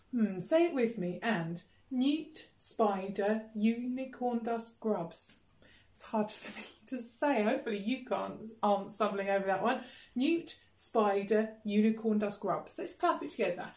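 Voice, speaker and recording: A woman music teacher with a British accent leading a children's rhythm lesson, chanting words slowly with gasps and playful disgust. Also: a little high, roomy sound. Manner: animated storytelling, gasps and exaggerated disgust.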